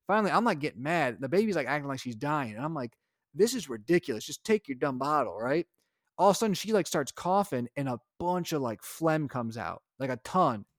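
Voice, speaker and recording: A young adult man, a podcast co-host and father, telling a story in casual chat and acting out his own lines with animated energy. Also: fairly high pitch, brisk, no room sound, clean studio sound.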